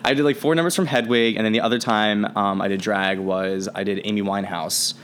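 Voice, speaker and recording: A man's voice: lowish voice, steady tone, fairly quick, a bit bright. A man chatting as a podcast guest, talking loosely with many fillers and giggles. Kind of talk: casual chat.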